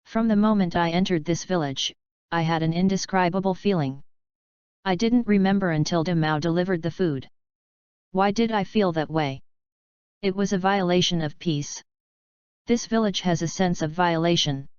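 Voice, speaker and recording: A woman voicing a cold, calm thirteen-year-old boy fighter in a flat, even delivery, with a dull lo-fi sound. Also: on the low side, normal speed, smooth, no echo, close to an everyday voice. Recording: dull lo-fi dry recording.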